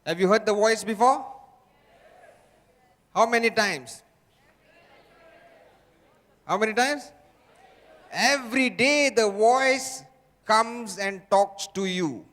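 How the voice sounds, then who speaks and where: A man's voice: high-pitched, slow, pauses often, a bit bright. A man giving a motivational seminar talk, firing repeated rhetorical questions at a live audience in a large hall. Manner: repetitive rhetorical questions to the crowd. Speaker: motivational speaker.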